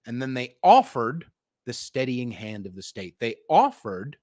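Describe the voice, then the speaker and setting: Middle-aged male podcast host, lively swinging pitch, dry close sound, sarcastic and profane. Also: measured pace, dry recording. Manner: animated, sarcastic, mocks others in put-on voices, swears a lot. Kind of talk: profane political rant.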